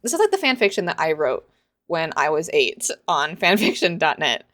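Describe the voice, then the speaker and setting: A woman's voice: low-pitched, lively intonation, moderate pace, a bit bright. A woman in her twenties giving casual, sarcastic commentary in a book reaction vlog, rambling and exasperated.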